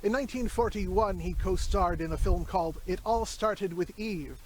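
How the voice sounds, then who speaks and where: A man's voice: sits high, normal speed, slight background noise. A man hosting a horror movie show, chatting casually and rambling through film trivia with a joke here and there. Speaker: horror host.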